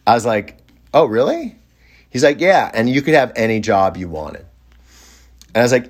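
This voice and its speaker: A man telling a rambling story in a casual way, with many fillers and lively quoted voices. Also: mid-range voice, fast.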